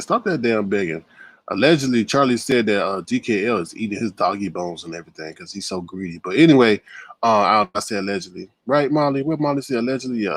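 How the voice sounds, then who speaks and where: A man hosting a casual livestream, lively and exclamatory, dropping to low mutters between points. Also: no room sound. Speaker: livestream host.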